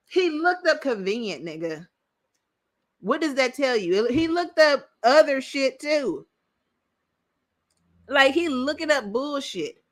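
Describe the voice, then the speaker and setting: A woman's voice: sits high, animated, a little slow, long pauses, a bit bright. A woman hosting a reaction commentary, talking bluntly and directly with lots of profanity. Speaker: commentary host. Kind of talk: reaction commentary on a panel clip.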